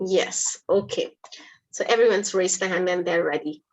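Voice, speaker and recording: A woman's voice: on the low side, moderate pace. A woman teaching in a live online webinar, upbeat and encouraging, quizzing her audience. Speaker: English teacher hosting a webinar.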